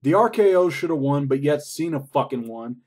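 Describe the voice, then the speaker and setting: A man's voice: a little high, lively intonation, normal speed, darkish tone, slightly rough. Man giving a profane, rambling recap. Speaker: wrestling show reviewer. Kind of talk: casual recap vlog.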